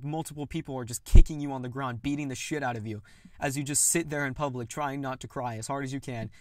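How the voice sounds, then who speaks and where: A young man talking candidly and haltingly about his own feelings in a confessional monologue, with nervous laughs. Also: mid-range voice, no room sound, studio quality. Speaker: podcast host.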